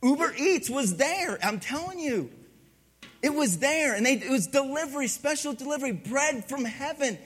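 A pastor preaching a sermon, animated and humorous, swinging from hushed to loud. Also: male voice, very high-pitched, normal speed.

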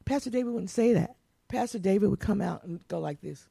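A woman's voice: medium pitch, expressive, fast talker, creaky, mellow, breathy edge, no room sound, clean studio sound. A woman pastor preaching a sermon in a folksy, emphatic way.

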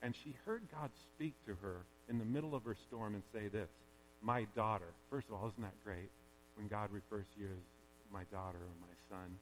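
A man preaching a sermon as a pastor, conversational and animated, often checking in with his listeners. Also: lowish voice, moderate pace, slight background noise. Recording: long reverb of a large hall.

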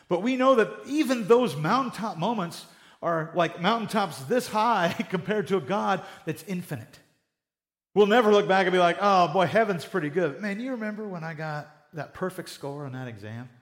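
A man preaching a sermon in a conversational, animated way, acting out little quoted exchanges. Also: high-pitched.

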